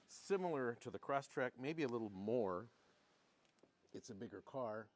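A man working as a car salesman gives a casual walkaround demo indoors, talking in a hushed golf announcer voice. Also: medium pitch, lively intonation, normal speed.

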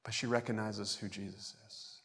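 A man's voice: on the low side, little pitch movement, normal speed, fairly bright tone. Man preaching in an echoing hall. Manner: conversational preaching, acts out quoted voices. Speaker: pastor. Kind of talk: sermon. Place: church sanctuary.

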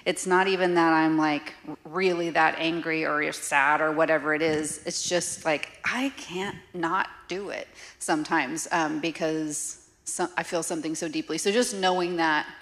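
A middle-aged woman, co-teaching a church marriage class in a candid, animated, conversational way. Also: low-pitched, moderate pace, few pauses. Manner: candid, animated, laughs easily.

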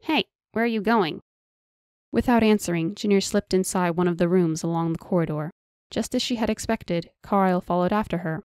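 Lower-voiced woman narrating a fantasy. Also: mellow, no room sound, studio quality. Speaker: audiobook narrator.

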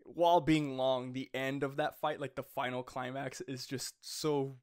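A man's voice: medium pitch, flat delivery, a little slow, a little mellow, clean tone. A young man co-hosting a podcast, chatting eagerly and laughing often, with lots of fillers. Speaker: podcast co-host. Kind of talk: casual chat.

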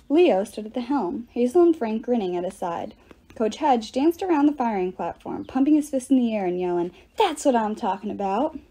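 A woman reading a novel aloud with lively, expressive narration. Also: a little high. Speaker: reader.

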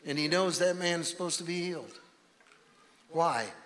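A man preaching a revivalist sermon as a guest preacher in a church, swinging from shouting to hushed intensity. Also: a little high, moderate pace. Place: church sanctuary. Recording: reverberant church hall, faint room noise.

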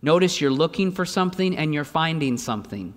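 Energetic preacher with a higher voice in a reverberant church. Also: male voice, fairly quick. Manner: energetic preaching with repeated rhetorical questions; acts out voices in quoted lines. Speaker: pastor. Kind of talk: sermon. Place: church sanctuary.

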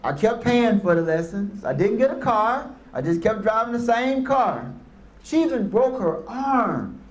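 A man delivers a motivational speech, pulling his listeners in with stories and calls for an amen. His voice sits high for a man. It rings around an echoey room full of people. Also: very animated, unhurried. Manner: storytelling with call-and-response. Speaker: motivational speaker. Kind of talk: motivational speech to youth and parents. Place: room with a live audience.

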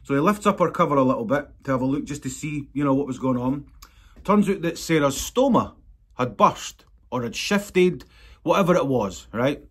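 A man's voice: on the high side, animated, moderate pace, a bit bright, husky. A man, a tattoo artist talking straight to his viewers in a vlog, blunt, angry and sweary. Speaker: tattoo artist and channel host. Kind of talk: direct-to-camera vlog update.

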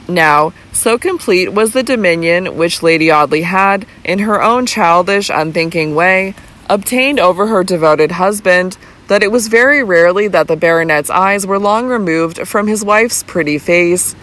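An audiobook narrator reading a classic novel in measured, even, scripted narration. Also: mid-range voice.

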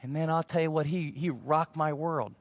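A middle-aged man preaching and spinning personal stories, voicing the people in them as he goes. His voice sits a touch high for a man. The sound is dry and close, with little room in it. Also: moderate pace, no room sound. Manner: animated storyteller acting out quoted dialogue. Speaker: pastor. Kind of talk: sermon storytelling.

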